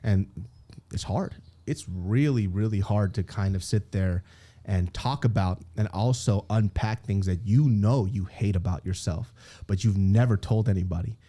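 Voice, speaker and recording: Speaking at normal speed in a voice on the low side, a guest comedian in his thirties shares candid stories during an interview. He's animated, swears freely, laughs a lot and performs the quotes he recounts.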